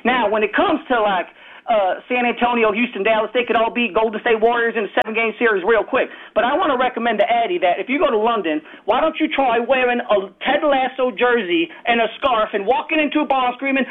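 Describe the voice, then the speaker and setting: A man from Chicago with a Chicago accent, calling in to a sports radio show and rattling through topics at speed. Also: very high-pitched. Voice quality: fast, scattered, jumping topics. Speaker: caller. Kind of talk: rapid-fire call-in rant. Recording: tinny phone line.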